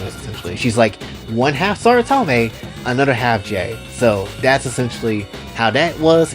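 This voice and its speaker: A man casually recapping and commenting on his own story, rambling with lots of fillers. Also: lowish voice. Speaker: creator recapping his own anime series.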